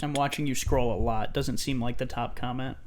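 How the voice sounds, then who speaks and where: A man's voice: mid-range voice, fairly even intonation, brisk. A man co-hosting a casual podcast in a playful, teasing manner. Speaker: podcast co-host. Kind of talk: casual chat.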